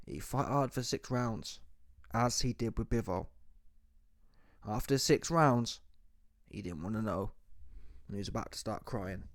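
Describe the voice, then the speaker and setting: A man giving an opinionated solo commentary, talking forcefully in slang and repeating rhetorical questions. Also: medium pitch, dry recording, studio quality. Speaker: boxing commentary YouTuber. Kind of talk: opinionated monologue.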